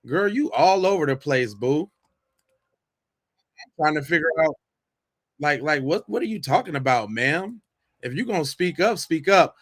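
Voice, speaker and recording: A man's voice: fairly high pitch, expressive, unhurried, long pauses, dry recording, studio quality. A man hosting a podcast, reacting to viewer clips with slangy, mocking banter. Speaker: podcast host.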